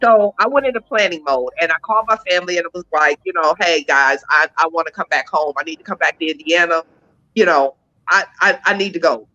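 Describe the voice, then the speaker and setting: Bright, animated woman telling her story. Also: lowish voice, fairly quick, muffled recording. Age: 40s. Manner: animated, emphatic retelling with quoted dialogue. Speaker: interview guest. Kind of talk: candid storytelling.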